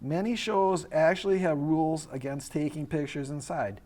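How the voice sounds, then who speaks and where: A man's voice: a little high, normal speed, darkish tone. A man co-hosting who laughs and stumbles over his lines in joking outtakes banter. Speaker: co-host.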